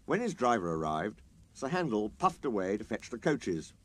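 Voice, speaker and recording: Man reading a children's story, lively lilt. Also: lowish voice, normal speed. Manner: expressive, lilting storytelling.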